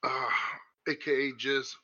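A man's voice: medium pitch, flat delivery, a little slow, sharp tone, dry recording. A young man co-hosting a podcast, rambling through crude stories with lots of swearing and laughter. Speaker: podcast co-host. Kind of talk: casual chat. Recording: muffled lo-fi recording.

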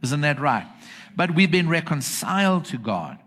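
A man's voice: a little high, sing-song, moderate pace, fairly bright tone, slightly rough. A man preaching a sermon in church, emphatic and often checking that the congregation is following. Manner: emphatic, asks the congregation for agreement.

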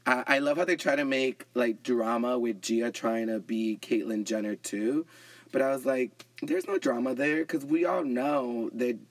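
A man's voice: mid-range voice, a little slow, dry recording. A man hosting a podcast, chatting and gossiping casually with lots of "like" fillers. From grew up speaking another language. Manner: chatty, gossipy, uses "like" often. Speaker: podcast host. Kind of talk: casual chat.

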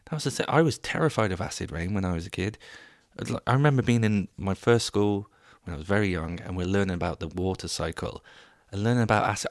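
A man's voice: sits low, no echo, studio quality. A man in his thirties hosting a podcast alone, telling a rambling, self-mocking, sweary comic story. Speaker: podcast host. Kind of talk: casual comic monologue.

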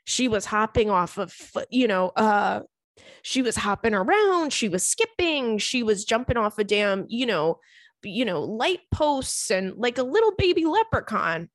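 A woman's voice: a little high, very animated, a little slow, no room sound, clean studio sound. A young adult woman hosting a podcast, chatting casually and swearing freely as she tells funny stories. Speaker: podcast host. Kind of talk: casual chat.

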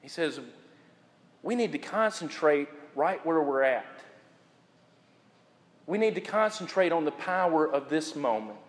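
A man delivers a sermon in a fairly high voice, pressing key phrases with slow, drawn-out emphasis. His words ring out with a long reverb, as if spoken in a large church hall. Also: expressive. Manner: preaches with rising emphasis and slow repeated phrases. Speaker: pastor.

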